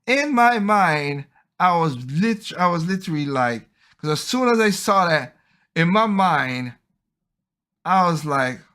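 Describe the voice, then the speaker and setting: A man on a podcast speaks in a bright, forward voice that sits a little high. He rambles through his opinions in a casual, loose monologue. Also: lively intonation, measured pace. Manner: rambling, opinionated, acts out quoted people. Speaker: podcast host.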